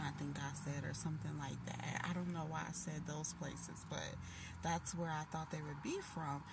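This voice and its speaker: A woman in her late thirties telling a long dream story in a casual, animated way, full of restarts. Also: deep voice, normal speed, creaky. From Minnesota. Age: 30s. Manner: animated, emotional retelling with restarts. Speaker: vlogger. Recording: noisy background hiss.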